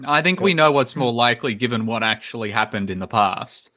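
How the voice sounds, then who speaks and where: Bright-voiced man explaining calmly. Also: medium pitch, brisk. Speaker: panelist. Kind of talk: casual panel chat on a live stream.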